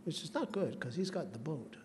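A man's voice: on the high side, lively intonation, brisk, a little mellow. A man telling rambling, folksy comic stories as a roaster at a charity roast, teasing the guest of honor. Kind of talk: comedic roast storytelling. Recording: long hall reverb, faint room noise.

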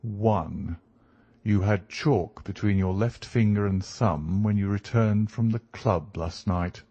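Brief: cool, superior detective lecturing precisely, low and very slow, read by a man. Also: mellow, no room sound, highs cut off.

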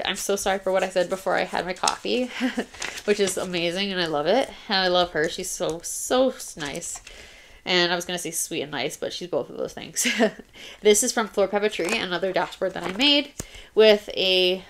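A woman's voice: medium pitch, moderate pace, slight background noise. A young woman casually narrating a planner flip-through, chatty and apologetic, often trailing off and restarting. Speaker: planner vlogger. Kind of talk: casual show-and-tell narration.

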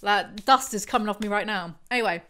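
A woman's voice: medium pitch, brisk, sharp tone, slight background noise. A young woman from England with an English accent, giving sarcastic commentary while reviewing a book. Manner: sardonic, exasperated asides.

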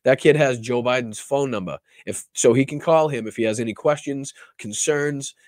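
A man's voice: medium pitch, moderate pace, a little mellow, no echo, clean studio sound. A man hosting a political livestream, talking casually with a lot of profanity and rambling restarts. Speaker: political talk show host.

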